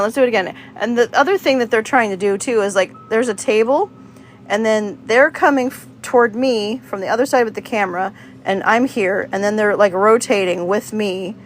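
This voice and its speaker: A woman's voice: mid-range voice, a little hiss or hum. Chatty woman telling a story on a livestream. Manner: animated, acts out quotes, chats with viewers. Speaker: livestream host.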